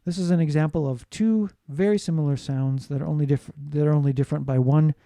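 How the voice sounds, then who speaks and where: A man's voice: on the high side, fairly even intonation, fast talker, mellow, dry recording. A man teaching a recorded lecture, explaining patiently and checking in with listeners.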